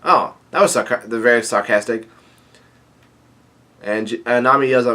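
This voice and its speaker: A man's voice: mid-range voice, steady tone, normal speed, pushed and bright. A man casually reading through a comic chapter and commenting, with many fillers and restarts. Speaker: manga chapter reader.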